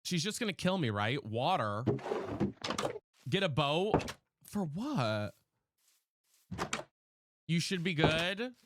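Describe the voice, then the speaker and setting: Sassy, lively streamer guy. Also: a little high, slow, pauses often, very noisy. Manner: sassy, dramatic, chatty with chat. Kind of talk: live gameplay streaming with chat.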